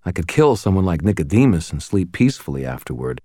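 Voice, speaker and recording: A man reading a first-person novel aloud as an audiobook narrator, with a measured, steady delivery. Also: sits low, no echo, clean studio sound.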